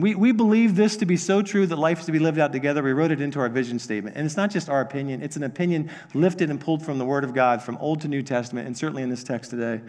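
Male pastor, high voice, earnest sermon delivery, hammers points home by repeating them. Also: in a large hall. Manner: earnest, repeats phrases for emphasis.

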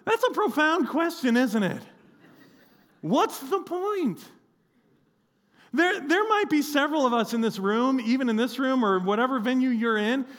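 A man preaching a sermon as pastor, telling a story with lively acted-out quotes. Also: very high-pitched.

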